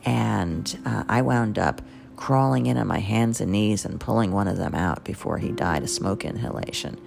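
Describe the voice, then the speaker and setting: A woman's voice: a bass voice, moderate pace, gravelly. A woman with a New York accent hosting her own podcast, telling rambling, self-deprecating stories in a chatty way. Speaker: podcast host and caterer. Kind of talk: casual storytelling monologue.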